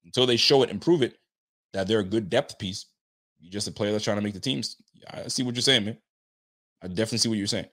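A man hosting a casual sports talk show, speaking in an animated, slang-heavy way, answering chat comments and riffing on the roster. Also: on the low side, fast talker. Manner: animated, slangy, talks straight to listeners. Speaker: sports podcast host.

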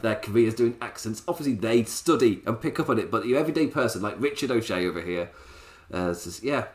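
A man in a casual wrestling review, chatty and quick to chuckle, with sarcastic asides sprinkled through his talk. His voice sits at a middle pitch, and the room adds a roomy echo.

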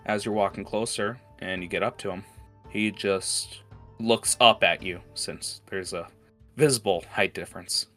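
A man's voice: lowish voice, fairly even intonation, measured pace, pushed and bright, soft background music. A man narrating a tabletop game as game master in a rambling style full of fillers. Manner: rambling, filler-heavy, laughing.

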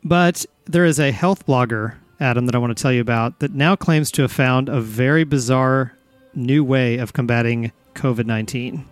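A man hosting a casual comedy podcast, with a teasing, deadpan delivery. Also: medium pitch, normal speed, dry recording, soft background music. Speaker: podcast host.

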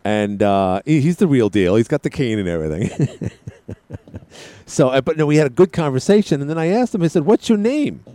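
A man's voice: mid-range voice, animated, fairly quick, dark tone, dry recording. A man hosting a call-in radio show, chatting in a rambling, joking way with plenty of side tangents. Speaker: radio talk show host. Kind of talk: call-in talk radio chat.

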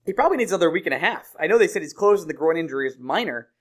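A man's voice: on the high side, expressive, rapid-fire. A man hosting a sports podcast in easygoing, casual chat, laughing often. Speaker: podcast host.

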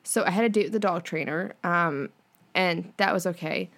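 A woman's voice: fairly low pitch, normal speed, fairly bright tone. Chatty, swearing woman podcast host. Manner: chatty, swears casually, lots of fillers. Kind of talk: casual chat.

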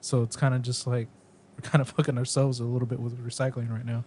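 A man's voice: medium pitch, flat delivery, fast talker, dark tone, slightly rough. A man co-hosting a podcast in casual chat, talking in a laid-back way with lots of fillers. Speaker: podcast co-host.

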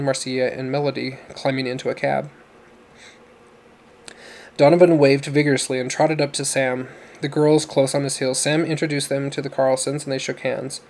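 A man reading a novel aloud as narrator, in a steady, even storytelling manner. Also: medium pitch, rough recording. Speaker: audiobook narrator.

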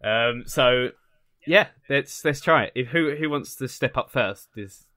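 A man's voice: medium pitch, measured pace, sharp tone, dry recording, clean studio sound. A man hosting a casual podcast, laughing often and rambling through his explanations. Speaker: podcast host. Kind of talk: casual chat.

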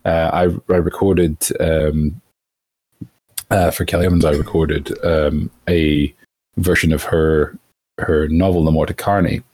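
A man talking as a voice actor guest in a casual interview, thoughtful and halting, often restarting his sentences. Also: extremely low pitch, flat delivery, a little mellow, no echo. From outside the United States.

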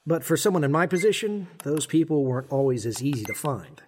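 A man's voice: a little high, big pitch swings, brisk, a little mellow, a little hiss or hum. A young man narrating his own story in an audio drama, wry and conversational. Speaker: narrator and lead character.

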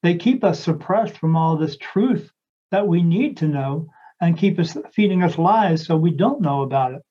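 A man's voice: a little high, animated, moderate pace, warm tone, slightly rough, dull audio. A man, a psychic medium, chatting casually and telling a long story in a rambling way, with lots of restarts and acted-out quotes.

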